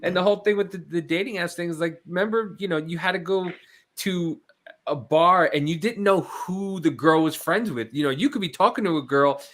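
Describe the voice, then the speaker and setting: A man's voice: high voice, brisk. A man co-hosting a casual podcast, telling stories and acting out quotes in other people's voices. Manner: animated storyteller, puts on voices when quoting others. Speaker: podcast co-host. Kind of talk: casual chat.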